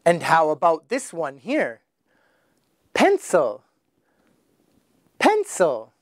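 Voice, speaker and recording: A man teaching children their letters, slowly sounding out each one with exaggerated emphasis. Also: fairly high pitch, wildly swooping pitch, no echo, studio quality. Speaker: English teacher. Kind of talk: children's phonics lesson.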